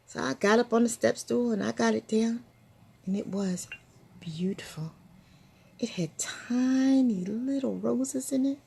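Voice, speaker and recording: Gravelly older woman telling stories. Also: on the high side, unhurried. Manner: warm, reflective, laughs often. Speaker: storytelling host. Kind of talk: personal storytelling to camera.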